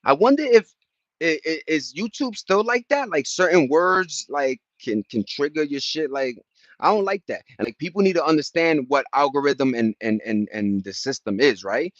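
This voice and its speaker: A man's voice: on the high side, expressive, moderate pace, no room sound, lo-fi sound. A man in his forties from New York with a New York accent, chatting casually on a livestream in streetwise slang and greeting viewers by name. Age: 40s. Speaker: livestream host.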